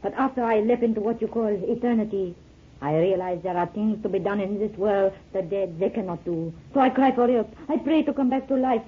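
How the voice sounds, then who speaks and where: An actress playing a mysterious young French woman saved from drowning, speaking formal, halting English with a French accent, in a 1930s radio play. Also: mid-range voice, breathy edge, close to an everyday voice. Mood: calm, fateful. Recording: tinny 1930s radio broadcast.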